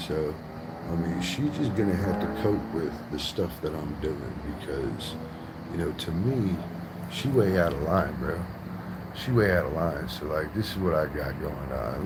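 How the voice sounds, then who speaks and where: A man's voice: rumbling low, very noisy. A man ranting on his vlog in a profane, rambling way, forever tagging lines with right. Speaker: vlogger.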